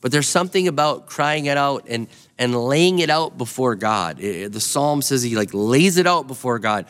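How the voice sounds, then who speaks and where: A man's voice: medium pitch, expressive, normal speed, fairly bright tone, clean tone. A male pastor preaching a sermon in a nearly empty building, earnestly urging his listeners to act. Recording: long hall reverb.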